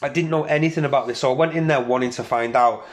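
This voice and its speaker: A man co-hosting a film podcast, chatting bluntly and animatedly and swearing freely. His voice sits at an ordinary middle pitch for a man. He delivers his verdicts with relaxed, matey candour. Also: quick pace. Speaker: podcast co-host. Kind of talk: casual film chat.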